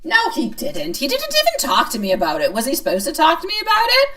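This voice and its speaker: A woman's voice: very high-pitched, wildly swooping pitch, fast talker, bright, forceful tone. Chatty woman tarot reader, distant mic. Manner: chatty, playful, self-mocking, answers chat comments. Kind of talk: live-stream tarot reading.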